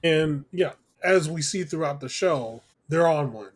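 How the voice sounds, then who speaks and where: A man with a slightly raised pitch and a husky edge gives his blunt take in casual podcast chat. He swears freely and laughs often. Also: unhurried. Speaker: podcast co-host.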